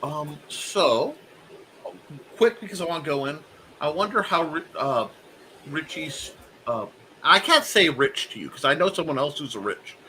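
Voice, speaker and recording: A man hosts a relaxed talk show, his voice bright and forceful with a lot of lift and fall. He talks in an animated way, laughing often and restarting his sentences, over a faint hum of room ambience. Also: fairly high pitch, unhurried. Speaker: host. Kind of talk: casual chat.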